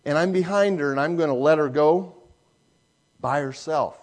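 A male pastor preaches a sermon, telling a folksy family story full of lively sound effects before drawing a lesson from it. His voice sits on the high side, at a moderate pace.

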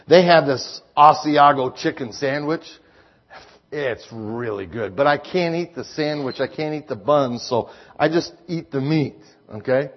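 Husky folksy preacher man. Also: mid-range voice. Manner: folksy storytelling preacher, emphatic rises. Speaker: pastor. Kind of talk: sermon with personal stories. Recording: slightly dull lo-fi sound.

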